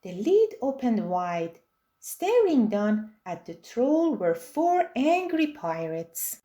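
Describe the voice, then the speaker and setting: Slow, expressive woman reading a story. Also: a little high. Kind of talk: children's read-aloud narration.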